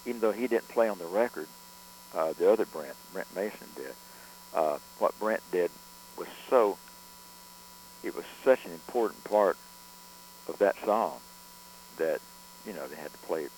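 A man, a record producer, telling studio stories in a relaxed interview, rambling with frequent restarts and fillers. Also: deep voice, moderate pace, pauses often, a little hiss or hum, low-quality recording. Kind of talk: conversational storytelling interview.

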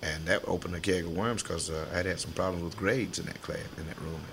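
A man's voice: low voice, steady tone, fairly quick, gravelly, fairly bright tone, slight background noise. An older man telling stories in an oral history interview, folksy, laughing often and acting out the voices in his memories.

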